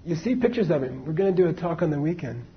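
Man, husky voice, slightly high pitch, informal dharma talk, lo-fi sound. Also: expressive, fast talker. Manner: conversational, many fillers and asides to the audience. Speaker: Buddhist teacher. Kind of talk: casual dharma talk, storytelling.

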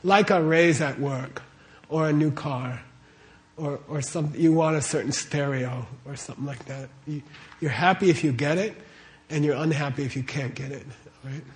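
At a normal speed and with a slightly high voice, a man gives a relaxed Buddhist talk to a live audience gathered in a warm room. He speaks conversationally, asks listeners questions often, and checks in with "okay?" and "right?"

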